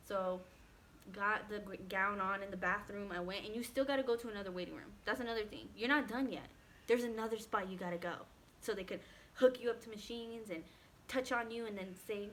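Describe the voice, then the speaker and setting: A woman telling a personal story in a casual storytime vlog, animated and acting out what others said, with many "like" fillers. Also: mid-range voice, a little fast, a little hiss or hum. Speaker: vlogger.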